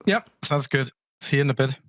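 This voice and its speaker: A man's voice: mid-range voice, a little fast. A man from Germany, a podcast guest chatting casually, who laughs easily and restarts his sentences. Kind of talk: casual chat.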